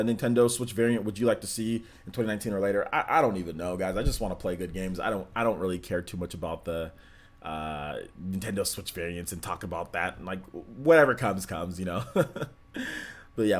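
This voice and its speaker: A young man hosting a casual livestream, reading chat questions and answering in a relaxed, rambling way with many ums and likes. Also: brisk. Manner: lifts voice when animated, drops to flat low tone otherwise. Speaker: livestream host.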